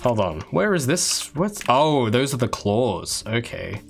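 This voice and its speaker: With faint music behind him, an Australian man who develops games makes casual conversation with his stream viewers as he works, restarting and drifting into asides. His mid-range voice has a sing-song quality and vocal fry, and he keeps a measured pace.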